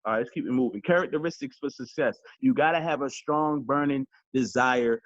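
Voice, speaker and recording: A man's voice: medium pitch, brisk, dry recording. A man coaching a sales team in a motivational training talk, emphatic and preachy, repeating his key lines and calling his listeners y'all. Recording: dull, dry lo-fi audio.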